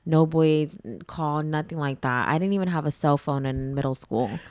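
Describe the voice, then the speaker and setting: A woman in her thirties co-hosting a casual podcast, soft-spoken, with short replies and a few longer stories. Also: low-pitched, moderate pace, clean tone, no room sound. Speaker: podcast co-host.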